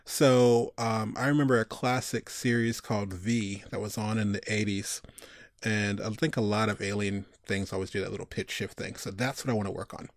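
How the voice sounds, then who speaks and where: A man hosting a casual software tutorial, talking in a relaxed, chatty way with many fillers. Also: lowish voice, normal speed, dry recording, clean studio sound. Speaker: tutorial host.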